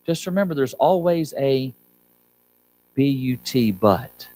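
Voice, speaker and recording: A man's voice: medium pitch, expressive, slow, long pauses, mellow, no echo, low-quality recording. A man preaching a sermon as pastor, pleading with the congregation and rising to urgent appeals. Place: church sanctuary.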